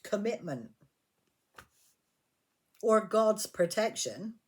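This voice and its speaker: A woman's voice: mid-range voice, very animated, drawn-out words, slightly rough. A woman giving a tarot reading, blunt and emphatic, swearing freely as she lays out the cards. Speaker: tarot reader.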